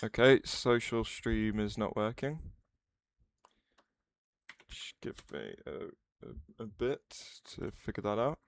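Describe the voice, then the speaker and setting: A man streaming live and chatting loosely with his viewers, often breaking off mid-sentence to start over. His voice is smooth and clean, and it is recorded dry and close with no room sound. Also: lowish voice, slow pace, no echo. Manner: rambling, restarts sentences, answers chat aloud. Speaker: livestreamer. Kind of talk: casual livestream chat.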